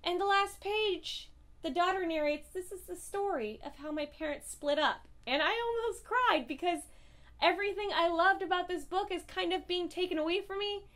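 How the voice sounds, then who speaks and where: High-voiced woman ranting about comics. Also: moderate pace, fairly bright tone. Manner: profane, impassioned and blunt. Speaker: comic book reviewer. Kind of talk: casual review vlog.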